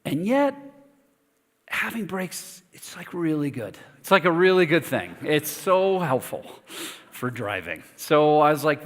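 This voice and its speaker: Lively pastor telling a story in a reverberant hall. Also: male voice, on the high side, a little slow. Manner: animated storytelling, self-mocking, lively asides. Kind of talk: sermon with personal story. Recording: long reverb of a church hall.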